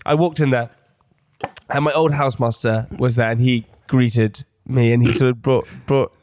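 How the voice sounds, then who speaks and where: A man, hosting a podcast and telling stories in a casual, animated way, laughing often. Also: mid-range voice, normal speed, no echo. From England. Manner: animated, laughs often, acts out voices in anecdotes. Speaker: podcast host. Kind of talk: casual storytelling chat.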